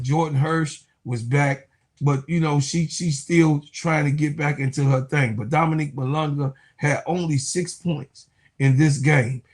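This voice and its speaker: A young man with a Chicago accent hosting a casual sports talk stream, trash-talking and laughing often. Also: fairly high pitch. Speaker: sports commentary host.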